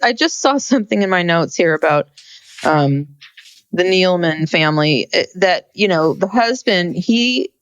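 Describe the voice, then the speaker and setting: A woman's voice: lowish voice, animated, measured pace, no room sound, highs cut off. A woman co-hosting a podcast in casual chat, hesitant and searching for words. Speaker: podcast co-host.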